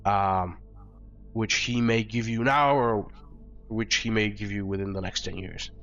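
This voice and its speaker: A hoarse man voicing a brisk vampire clerk woman. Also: lowish voice, fairly even intonation, a bit bright. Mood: instructing. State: hoarse from flu. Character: languid female vampire official, brisk. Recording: dull lo-fi recording, faint music.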